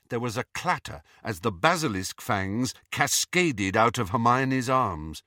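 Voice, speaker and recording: A man narrates a novel with an animated, expressive reading, his pitch moving freely through each sentence. His tone is bright and forceful. The recording is dry and close, with no room sound. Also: measured pace, few pauses, no room sound. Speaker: audiobook narrator. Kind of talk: scripted narration.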